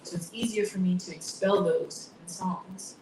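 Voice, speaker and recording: A woman singer-songwriter as an interview guest, talking softly and thoughtfully, sometimes almost whispering. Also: fairly low pitch, fairly even intonation, normal speed, distant mic. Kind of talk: casual interview chat. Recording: echoey room from off-mic, noisy background.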